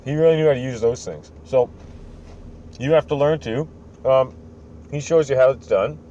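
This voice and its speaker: Retelling a game's plot on his podcast, this man jokes around, rambles, leans on fillers and performs the characters' lines. He speaks at a moderate pace in a medium-pitched, dark-toned voice, over lo-fi sound with a bit of hiss or hum.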